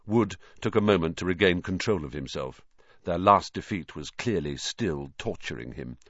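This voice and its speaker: A man's voice: deep voice, moderate pace, no room sound, muffled recording. A man narrating an audiobook expressively. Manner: expressive storyteller voicing every character.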